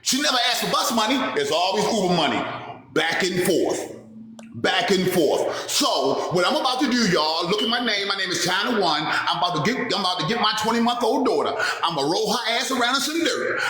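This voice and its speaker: Ranting Baltimore man, high bright voice. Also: sing-song, fast, few pauses, heavy reverb, soft background music. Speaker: caller on a live stream. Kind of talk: ranting call-in.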